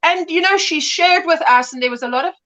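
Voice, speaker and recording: Chatty woman in her fifties, high voice, livestream host greeting viewers. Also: a little fast, fairly bright tone. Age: 50s. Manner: chatty, laughs often, drifts between greetings and stories. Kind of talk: casual chat reading viewer comments.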